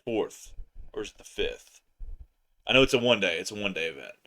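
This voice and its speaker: A man co-hosting a casual live stream, excitable and playful, with loud joking bursts. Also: fairly low pitch, fairly quick.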